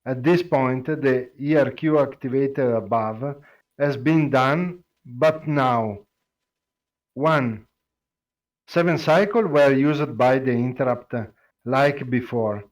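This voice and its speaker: A man with an Italian accent, Italian his first language, explaining code on a live stream, halting with many fillers and restarts. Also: medium pitch. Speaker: programming presenter.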